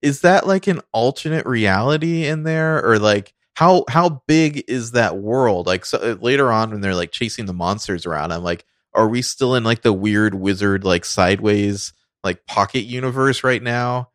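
A man's voice: fairly low pitch, moderate pace, hardly any pauses, no echo, studio quality. A man co-hosting a podcast, chatting loosely about a film and swearing casually, with a lot of "like". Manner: loose and profane, heavy use of "like". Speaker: podcast co-host. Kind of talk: casual film review chat.

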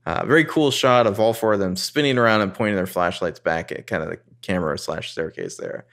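A man co-hosting a casual podcast, recapping a TV episode and quoting the characters in excited voices. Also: a little fast. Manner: animated, jumps into high voices quoting characters.

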